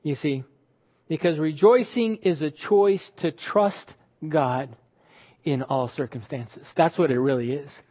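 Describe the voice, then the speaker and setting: Male pastor, high-pitched, emphatic sermon delivery with drawn-out words. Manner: emphatic, drawn-out words, sudden drops to quiet.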